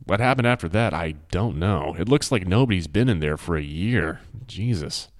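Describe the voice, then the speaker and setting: A man's voice: deep voice, animated, moderate pace, dry recording, clean studio sound. A man doing a weary small-town sheriff. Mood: grim. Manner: grim, plainspoken.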